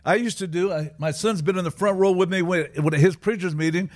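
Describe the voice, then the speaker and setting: A man's voice: high-pitched, fast talker, no echo. An older man, a pastor, speaking as a podcast guest in a plain, matter-of-fact way. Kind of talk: casual interview chat.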